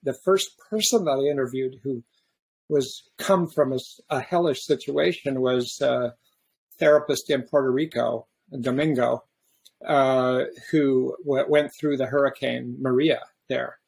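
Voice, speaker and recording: A man with a gravelly, slightly husky voice hosts a podcast in relaxed conversation. He thinks aloud and often stops and restarts his sentences. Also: mid-range voice. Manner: halting, restarts often, reflective. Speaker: podcast host. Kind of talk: casual podcast chat.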